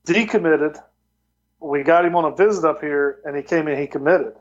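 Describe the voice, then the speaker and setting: Man, football coach, guest on a podcast. Somewhat high voice, rambling delivery with frequent restarts, dull lo-fi sound. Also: normal speed. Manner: rambling storyteller with many restarts. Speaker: football tight end coach and recruiting coordinator. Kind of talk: casual podcast interview.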